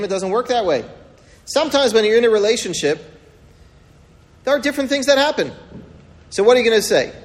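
A man's voice: very high-pitched, lively intonation, fairly quick, long pauses, long reverb tail. A man giving a Torah lecture, retelling a story dramatically and asking rhetorical questions. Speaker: rabbi teaching a Torah class.

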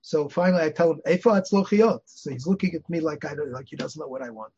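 A man's voice: on the high side, quick pace, a little mellow. An older man, a rabbi giving a Torah class, telling stories and mixing Yiddish and Hebrew words into his English. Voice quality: gravelly, husky. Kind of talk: Torah lecture with anecdotes. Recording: dull lo-fi lecture recording.

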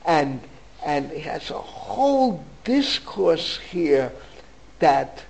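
A man's voice: on the high side, gravelly, a little mellow, low-quality recording. An older man from New York, a rabbi teaching a Torah class, wandering into stories and stressing his points with feeling. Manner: digressive storyteller, emphatic.

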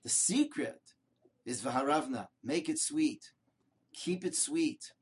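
An older man, a rabbi, teaching a Torah lesson with lively storytelling, rhetorical questions and short repeated phrases for emphasis. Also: on the high side, slow, slightly rough.

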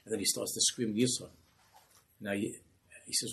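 A man telling a Hasidic story as a sermon, animated and acting out the voices. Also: fairly low pitch, moderate pace, creaky, long pauses, slightly rough, poor audio.

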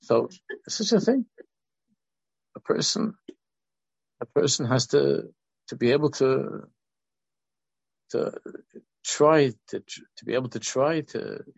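A man's voice: medium pitch, animated, measured pace, creaky, long pauses, breathy edge, no room sound, muffled recording. A man in his sixties, a religious teacher and counselor, giving an informal Torah talk that rambles through restarts and asides.

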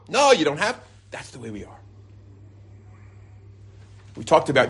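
A man telling lively stories to a group and weaving in religious teaching, often jumping into a high excited voice when he quotes people. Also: fairly quick, long pauses, husky. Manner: animated storyteller, jumps to a high excited voice when quoting people; chuckles and restarts mid-sentence. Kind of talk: storytelling talk with religious teaching. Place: lives in Israel.

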